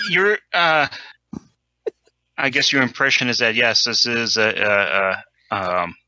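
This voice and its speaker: A man's voice: medium pitch, slow pace, sharp tone, no room sound, low-quality recording. A man serving as game master, narrating a tabletop horror game and voicing characters, with hesitant, filler-heavy speech.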